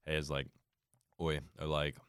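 A young American man hosting a relaxed conversation. His voice is extremely deep, and he talks quickly and a bit brusquely. The recording is dry and close. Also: clear, resonant tone, no room sound. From United States. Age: young adult. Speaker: host. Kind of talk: casual chat.

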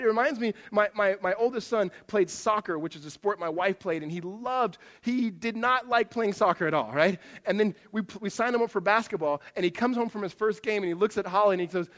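A middle-aged man preaching a sermon, telling stories and swinging from loud animated bursts to hushed asides. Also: sits high, a little fast. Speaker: pastor. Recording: long reverb of a hall.

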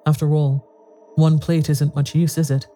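A man's voice: fairly high pitch, level tone, normal speed, warm tone, faint music behind, close to an everyday voice. A man voicing an eccentric, peevish old woman who lives alone in a cold manor, speaking mournfully.

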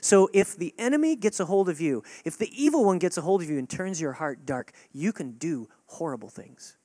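A man preaching a sermon to his congregation, earnest and direct, swinging between loud urging and hushed, near-whispered lines. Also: fairly high pitch, expressive, a little fast, dry recording. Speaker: pastor.

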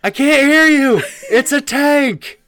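A man's voice: very high-pitched, takes it slowly, fairly bright tone, no echo, clean studio sound, pitched above the performer's own voice, full character voice. A man voicing a reckless, gleeful older man who hollers from a tank. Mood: gleeful yelling. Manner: whooping, hollering.

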